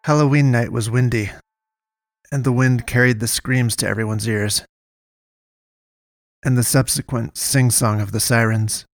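A man narrating a first-person story aloud in a steady, measured way. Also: medium pitch, dry recording, studio quality.

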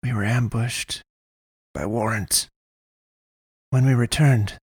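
A man voicing a wounded young woman in a storybook reading, speaking low and clipped with a muttering edge. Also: steady tone, slow, darkish tone, husky, no room sound, clean studio sound. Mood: curt. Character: wounded pale young woman, curt and fierce.

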